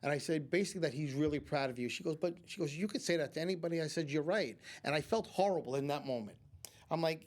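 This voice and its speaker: On a talk show taped in a community TV studio, a psychic medium guest talks fast in a fairly high-pitched man's voice. His storytelling rambles through long anecdotes, restarting often and acting out other people's lines.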